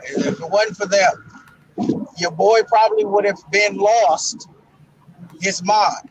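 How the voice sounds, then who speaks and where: A man co-hosting a casual wrestling talk show, talking in an emotional, preacher-like way with dramatic pauses. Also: sits high, steady tone, breathy edge, low-quality recording. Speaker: podcast co-host.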